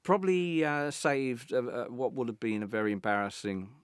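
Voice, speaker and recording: An older man recounting a backstage story in an interview, animated, acting out the others' lines and often stammering into restarts. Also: mid-range voice, moderate pace, clear, resonant tone, no echo, clean studio sound. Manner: animated, acts out quoted voices, stammering restarts. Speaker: interviewee, former band guitarist.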